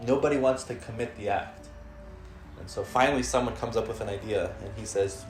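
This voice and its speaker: A man telling a folk tale to friends in a relaxed way, with fillers and laughs. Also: on the low side, fairly quick, roomy sound, faint music behind. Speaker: storyteller. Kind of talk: casual storytelling among friends.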